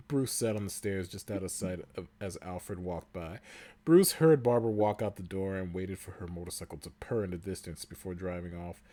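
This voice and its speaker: A man's voice: lowish voice, darkish tone. A man co-hosting a comedy podcast, reading fanfiction aloud and breaking into laughter and crude asides.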